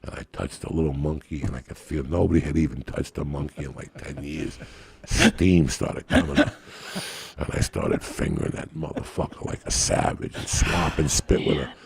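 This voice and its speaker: A man's voice: extremely low pitch, sing-song, moderate pace, vocal fry, slightly rough. A man, a stand-up comedian, telling crude, profane stories on a podcast and laughing at his own jokes.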